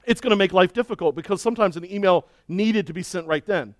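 A man's voice: sits high, fast talker, few pauses, no room sound, studio quality. A man preaching a sermon as pastor, emphatic and folksy, leaning on rhetorical questions and repeated words.

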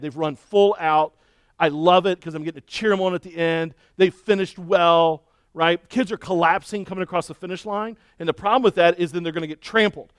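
A middle-aged man preaching a sermon and telling a story with lively, acted-out shouting and cheering. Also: a little high, clear, resonant tone, dry recording, studio quality. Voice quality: balding. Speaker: pastor.

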